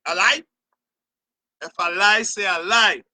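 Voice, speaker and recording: A man's voice: sits high, slow pace, sharp tone, no echo. A middle-aged Barbadian man hosting his own opinion show, ranting passionately and profanely about a carnival. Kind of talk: opinion rant to camera.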